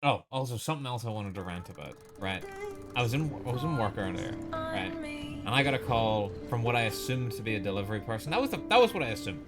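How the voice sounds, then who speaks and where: A man's voice: medium pitch, sing-song, fast talker, music in the background. A young man streaming a game, rambling and swearing as he rants in casual commentary. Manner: exasperated, swears a lot, rambling. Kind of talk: casual gameplay commentary and ranting.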